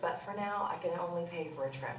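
An actress playing an insistent salon client trying to pay less. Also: female voice, fairly low pitch, quick pace, recorded from a distance, a little hiss or hum, lightly acted. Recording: video played in echoey hall.

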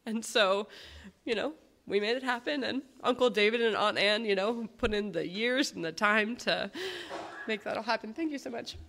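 A woman's voice: medium pitch, vocal fry, a bit bright. Woman giving a heartfelt memorial tribute. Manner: heartfelt, halting personal storytelling. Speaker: granddaughter giving a eulogy.

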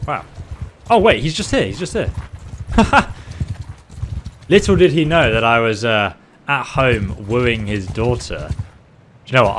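A man giving joking let's-play commentary, talking excitedly to the characters in his game. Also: medium pitch, slight background noise. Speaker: gaming YouTuber.

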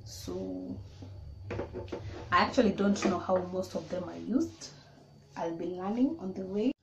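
A woman's voice: medium pitch, very animated, takes it slowly, long pauses, dull audio. A woman, showing how to use a tool in a casual, step-by-step way. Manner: plain, step-by-step explaining. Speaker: DIY vlogger. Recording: echoey room with clear noise.

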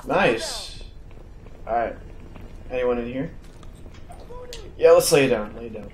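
Playing through a shooter campaign, this gamer offers relaxed let's-play commentary in a medium-pitched, lively voice, going slowly with long pauses. He comes across as jumpy and pokes fun at himself while addressing himself and his audience. Loud gunfire and battle sounds from the game fill the roomy recording.

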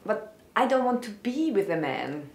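A woman's voice: medium pitch, very animated. Awkward young Austrian woman, as an actress plays her. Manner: hesitant, halting and self-conscious. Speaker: aspiring comedian. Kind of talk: sitcom acting.

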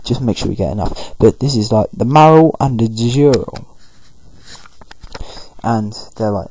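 A man commentating casually over a game, paraphrasing characters in quick throwaway voices. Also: medium pitch, expressive, warm tone, poor audio. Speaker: gameplay commentator. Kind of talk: casual let's-play commentary.

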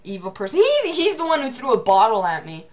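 A teenage girl giving excitable gameplay commentary, often shouting at the game. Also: on the high side, fairly quick, slight background noise.

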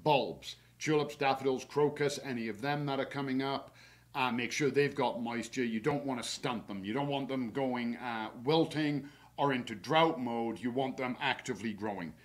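In a relaxed, casual instructional webinar, a horticulturist covers spring garden care, giving practical tips from his own yard. His middle-pitched voice moves at a moderate pace, and he rambles a little with plenty of "uh" and "um," laughing at his own slips.

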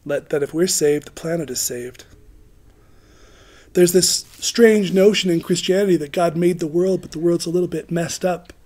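A man's voice: a little high, normal speed, darkish tone. A middle-aged man giving an informal, rambling sermon, joking about himself and laughing often. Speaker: preacher.

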